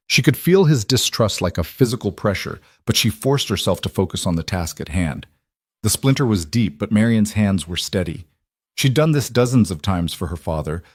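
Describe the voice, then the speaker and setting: A man reading a romance story aloud as scripted narration, steady and even. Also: on the low side, slightly rough, no echo, studio quality. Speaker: audiobook narrator.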